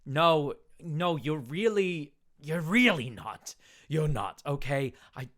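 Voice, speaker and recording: A man voicing a harried, short-tempered male town speaker who snaps and shouts at those pestering him. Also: medium pitch, lively intonation, slow. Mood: pleading, flustered. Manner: agitated, snapping, shouting.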